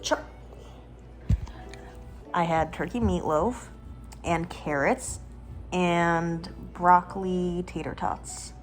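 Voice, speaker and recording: A woman's voice: lowish voice, takes it slowly, long pauses. Young woman, casual vlog, chatty, self-joking, faint music underneath. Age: young adult. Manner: animated and outspoken. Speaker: student vlogger.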